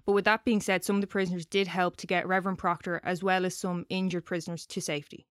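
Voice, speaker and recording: A woman's voice: on the low side, little pitch movement, fast talker, clean tone, no room sound, studio quality. Chatty swearing woman podcast host. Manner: loose, swearing, chatty delivery. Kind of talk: casual storytelling podcast chat.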